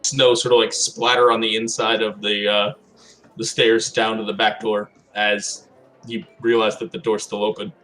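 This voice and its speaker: Meandering, unhurried male game master. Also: fairly low pitch, level tone, pushed and bright, rough recording. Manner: meandering, hedging with filler words, slows down on descriptions. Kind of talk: narrating a tabletop game.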